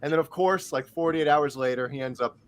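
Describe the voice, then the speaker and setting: A man's voice: fairly high pitch, a little fast. A man telling a story among friends, starting with some hesitation and then acting out his own quoted lines with energy.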